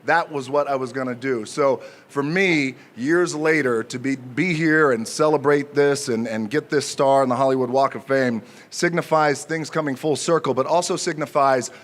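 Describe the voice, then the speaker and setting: A man in his forties giving an unscripted acceptance speech at an outdoor ceremony, joking and pausing often with fillers. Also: mid-range voice. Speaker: speaker at an outdoor honor ceremony.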